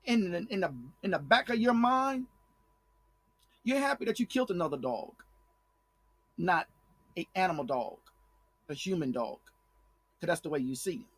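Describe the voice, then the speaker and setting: A man with a high-pitched voice delivers blunt, fiery commentary straight to his viewers. He repeats words and restarts sentences as he pushes each point hard. The tone stays heated and direct throughout. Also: moderate pace, pauses often, breathy edge, dry recording. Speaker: online commentator.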